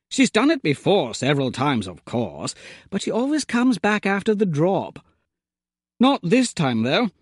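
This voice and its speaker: A man playing a foppish, excitable young gent. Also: high-pitched, no echo, studio quality, voice pushed up. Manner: theatrical, plummy exclamations. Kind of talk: audiobook character voice.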